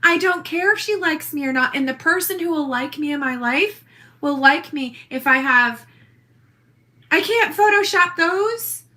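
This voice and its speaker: High, bright-voiced brash woman ranting. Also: lively intonation, measured pace. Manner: brash, profane, defiant. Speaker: social media poster. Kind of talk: rambling self-recorded video rant.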